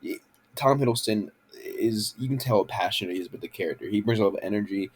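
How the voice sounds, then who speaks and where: Young man, husky voice, animated rambling rant, casual vlog, handheld camera. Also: on the low side, fast. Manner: animated, swearing, rambling with many fillers. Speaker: vlogger. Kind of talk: casual ranting review.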